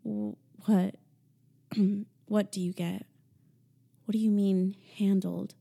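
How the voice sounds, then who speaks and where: A woman's voice: mid-range voice, little pitch movement, slow pace, creaky, mellow, husky, heavily acted. A woman voicing a proud, defensive young woman who sounds flustered and sulky in an audiobook.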